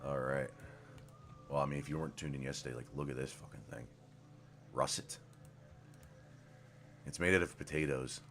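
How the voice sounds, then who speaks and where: A man's voice: extremely low pitch, steady tone, moderate pace, pauses often, a bit bright, a little hiss or hum. A man casually commenting while streaming a game, rambling and swearing, with mumbled asides, speaking into a desk microphone.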